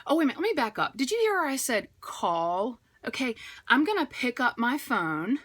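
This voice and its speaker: A woman coaching direct sellers in a chatty, upbeat way, acting out phone calls in a brighter voice. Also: high voice, big pitch swings, moderate pace. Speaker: direct sales trainer. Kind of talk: motivational sales coaching talk.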